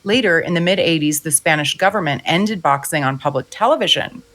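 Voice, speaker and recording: A woman's voice: low-pitched, expressive, a little fast, fairly bright tone. A woman co-hosting a film podcast, chatting casually, laughing easily and reading listener email aloud. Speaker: podcast co-host.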